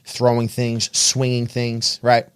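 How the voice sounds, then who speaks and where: A man's voice: mid-range voice, completely flat delivery, slow pace, clear, resonant tone. A man with a New York accent, a gym owner and coach talking casually in an interview, blunt and swearing, acting out his clients.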